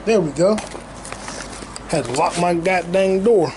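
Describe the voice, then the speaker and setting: A young man hosting a casual solo podcast, talking in an excited, profane and repetitive way, full of street slang. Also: high-pitched, unhurried, background noise. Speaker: podcast host.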